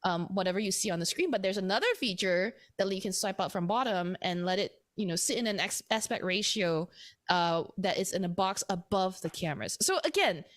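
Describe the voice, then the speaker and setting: A woman hosting a tech podcast, talking casually and animatedly with lots of fillers and quick laughs. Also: medium pitch, animated. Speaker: podcast host.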